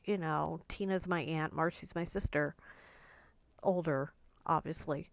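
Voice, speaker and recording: A woman telling a personal family story in a halting, emotional monologue with many restarts. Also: low voice, gravelly, no echo.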